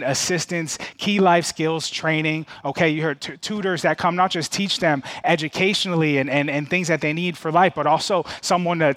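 Stammering, chatty pastor, slightly high voice. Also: male voice, a bit bright, dry recording. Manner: stammering restarts, frequent "okay?" check-ins. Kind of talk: conversational sermon.

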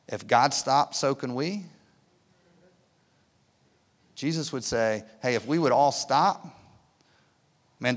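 A man preaching a sermon as pastor, swinging between loud emphatic lines and hushed quiet ones. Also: on the high side, in a large hall. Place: church auditorium.

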